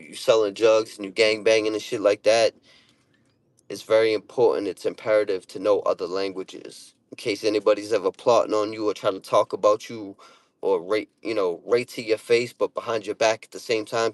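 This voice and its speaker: A man's voice: fairly low pitch, no echo. A middle-aged man with a Boston accent, hosting a casual livestream, reading viewer comments aloud and talking in a streetwise, profane way. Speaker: livestream host.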